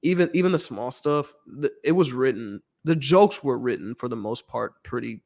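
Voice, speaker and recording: A man's voice: mid-range voice, expressive, normal speed, darkish tone. A man with a Southern American accent co-hosting a casual movie review podcast, rambling, laughing often and acting out scenes. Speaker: podcast co-host.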